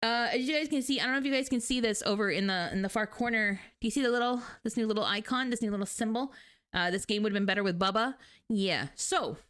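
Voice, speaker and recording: A woman streamer in a chatty, animated casual talk, laughing often. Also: a little high, quick pace, clean tone. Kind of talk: casual chat.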